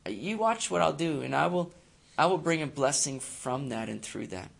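A calm, reassuring divine voice speaks gently and softly, as a male preacher puts it on mid-sermon. The tone is unhurried, with a slight gravelly texture. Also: on the high side, exaggerated voice.

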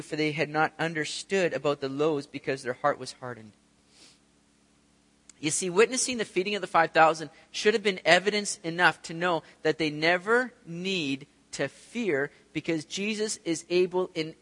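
A man preaching a sermon, telling the story with animated, acted-out scenes. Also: fairly high pitch, big-room sound. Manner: animated storytelling, acts out voices of disciples. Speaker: pastor.

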